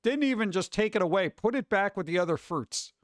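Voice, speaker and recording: A man's voice: high voice, animated, brisk, dry recording, studio quality. A man hosting a livestream, rambling through casual chat and acting out other people's voices. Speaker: livestream host.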